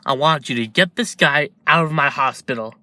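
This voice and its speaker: A man's voice: fairly high pitch, normal speed, sharp tone, no echo. A man voicing a contemptuous male doctor who scorns his patient in a fan story. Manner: scornful, dismissive.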